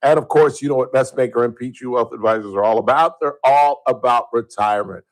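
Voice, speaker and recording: A man's voice: medium pitch, a little fast, poor audio. A man hosting a call-in talk radio show, ranting at a caller in a heated, sarcastic way.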